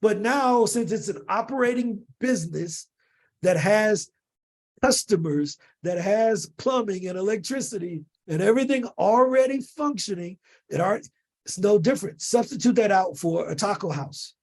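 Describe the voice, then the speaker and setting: A man from the United States, a podcast guest, telling a lively story in casual slang and acting out bits of dialogue. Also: high-pitched, normal speed. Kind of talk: animated storytelling in an interview.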